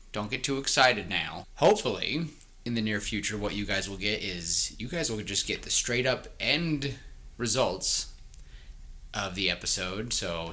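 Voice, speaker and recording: A man co-hosting a podcast in casual chat, animated and quick to laugh. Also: fairly low pitch. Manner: animated, laughing, bouncy delivery. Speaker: podcast co-host.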